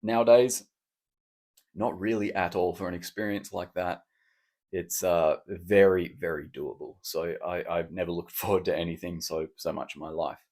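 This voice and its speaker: A man's voice: deep voice, fairly even intonation, normal speed, a little mellow. A man hosting a solo podcast, chatting in a rambling, cheeky, self-mocking way. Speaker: podcast host. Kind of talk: casual solo podcast chat.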